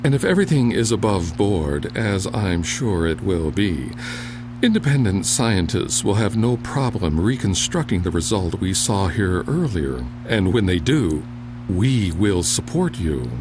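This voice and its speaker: A cautious investor in a video game, speaking formally and with measured care. His voice sits low and lively, over a clear hum in the recording.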